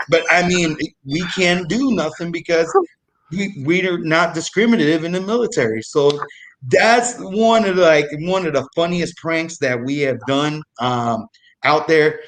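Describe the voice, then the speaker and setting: A man's voice: on the high side, moderate pace, fairly bright tone. A young man telling a loose, profane story about his military days on a live comedy show, with frequent restarts. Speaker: guest storyteller, former military supply.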